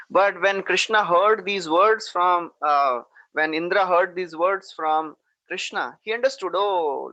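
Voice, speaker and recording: A male preacher telling a scripture story, leaning on 'you know' and chanting Sanskrit verses now and then. His voice sits on the high side for a man. The sound is dry and close, with no room around it. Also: vocal fry, pushed and bright, dry recording, poor audio.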